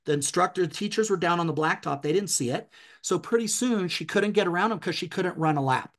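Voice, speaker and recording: A man's voice: sits high, brisk, a bit bright. A middle-aged man telling a personal story as a podcast guest, with an intense, emphatic delivery.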